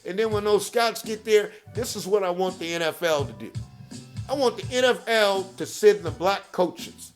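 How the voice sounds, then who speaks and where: A man hosting a podcast who pitches hard, repeats catchphrases, keeps asking "okay?" and shouts out people by name. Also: lively intonation, normal speed, faint music behind. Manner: hype-driven, repeats catchphrases, peppers with "okay?". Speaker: podcast host. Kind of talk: promotional monologue.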